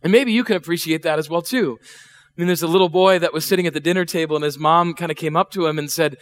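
Speaking fast in a slightly bright, fairly high voice, this middle-aged pastor delivers a conversational sermon at church. He quizzes the congregation and performs voices as he goes.

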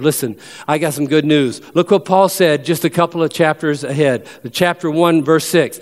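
Delivering a sermon, a man whose voice sits somewhat high for a male speaker preaches with strong emphasis and eases his pace to read scripture aloud. He is a pastor, and the sound echoes with long reverb as if in a big hall.

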